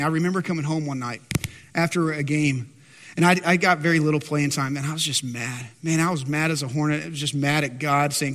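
A male pastor preaching a sermon, rising loud on his questions and dropping soft and low for his stories. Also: fast, in a large hall. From Texas, USA.

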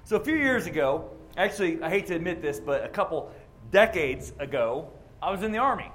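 A man's voice: a little high, lively intonation, a little fast, fairly bright tone. A man and racing ministry chaplain giving an informal sermon at a racetrack, telling a personal story in a conversational, plainspoken way.

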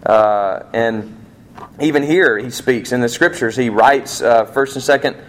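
A man preaching a sermon in a conversational way, asking rhetorical questions and acting out quoted lines, slowing down to stress key points. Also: mid-range voice. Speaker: pastor.

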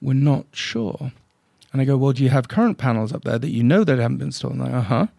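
With a gravelly, dark, mid-range voice, lively intonation, and a racing pace, the drone company owner tells blunt, emphatic stories on a casual podcast, voicing his clients' dialogue. The studio sound is clean, with no room sound.

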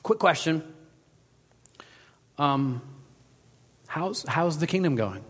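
A male pastor gives a relaxed, conversational sermon and slips into little acted quotes as he tells the story. His voice sits fairly high for a man. A long reverb trails behind him, as in a big hall. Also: slow pace.

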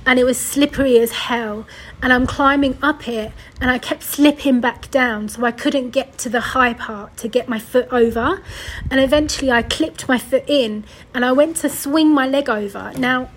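A woman's voice: a little high, slight background noise, rough recording. A young woman hosting a podcast, telling a personal story in a tearful, rambling way, sighing and correcting herself as she goes. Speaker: podcast host.

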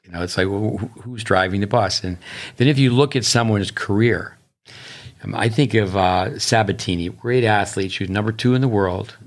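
Low-voiced man, a rambling coach. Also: normal speed. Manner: rambling, anecdotal, with bursts of speed. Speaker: tennis coach. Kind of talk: casual podcast chat.

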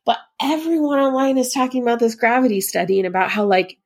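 A woman's voice: fairly high pitch, steady tone, fast talker, creaky. A woman co-hosting a casual podcast with a sick voice. She rambles along and fills her talk with "like". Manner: rambling, filler-heavy, lots of "like". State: sick, hoarse voice. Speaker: podcast co-host.

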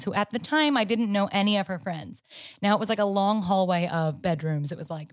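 A young woman in casual chat, telling a story with lively acted-out quotes. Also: medium pitch, no echo. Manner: animated storyteller, acts out quotes.

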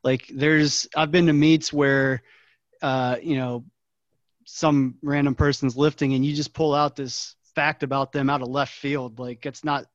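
A man's voice: medium pitch, level tone, measured pace, no echo, lo-fi sound. A man co-hosting a casual podcast chat, chiming in with friendly asides.

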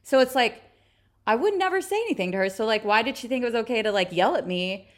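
A woman co-hosting a podcast, telling everyday stories with lots of "like" and animated retelling. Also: on the high side, fast talker. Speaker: podcast co-host. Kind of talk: casual storytelling chat.

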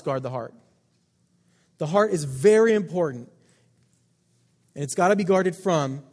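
Male pastor, emphatic sermon delivery, slightly high voice, long church reverb. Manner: emphatic, swings between loud stresses and quiet asides.

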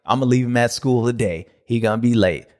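A man's voice: medium pitch, fast talker, a little mellow, pitched below the performer's own voice, lightly acted. A man putting on the voice of a cocky, boastful male pro rider, talking in a swaggering drawl.

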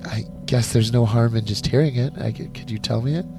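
A man's voice: mid-range voice, brisk, music in the background, close to an everyday voice. A man voicing an innocent, wide-eyed young woman who speaks politely and hesitantly.

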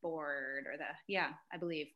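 A woman's voice: deep voice, steady tone, normal speed, lo-fi sound. A woman in her thirties, a mother and podcast guest, chatting casually in a cheerful, giggly way. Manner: cheerful, giggly, warmly enthusiastic. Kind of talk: casual chat.

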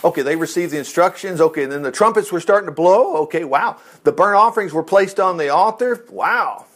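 A man preaching a Bible-teaching sermon in an animated, rambling way, with chatty asides and frequent exclamations of praise. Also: sits high, a little fast. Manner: animated, rambling, chatty asides while flipping through scripture.

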